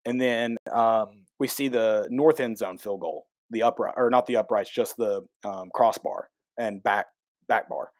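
A man, co-hosting a casual talk show, telling a rambling, excitable story and correcting himself as he goes. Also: fairly low pitch, unhurried, no echo. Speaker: podcast co-host.

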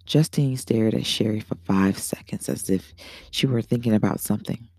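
A man's voice: on the low side, normal speed, darkish tone, breathy edge, no echo. A man hosting a show and reading an erotic story aloud in a casual, bawdy manner.

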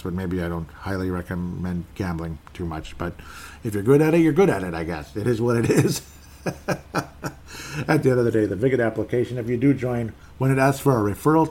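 A man talks alone into his podcast with a somewhat low voice. He rambles along casually and circles back over points he has already made. It sounds easy and unscripted. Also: darkish tone. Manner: rambling, conversational, restarts and repeats himself. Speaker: podcast host. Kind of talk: casual solo podcast talk.

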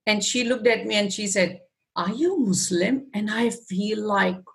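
A woman's voice: mid-range voice, fairly even intonation, moderate pace, vocal fry. A woman guest in an interview telling an emotional personal story, acting out her own past words and often laughing.

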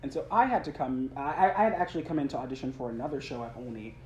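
Young actor talking in a roomy space. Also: male voice, mid-range voice, animated, racing, darkish tone, lo-fi sound. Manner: earnest, rambling, frequent restarts and laughs. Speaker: stage actor guest. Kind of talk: casual interview chat. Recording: roomy sound with faint background noise.

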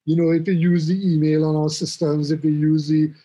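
A middle-aged man chatting casually about his office jobs, telling animated stories and often repeating words as he goes. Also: on the high side, fairly quick, poor audio. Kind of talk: casual conversation.

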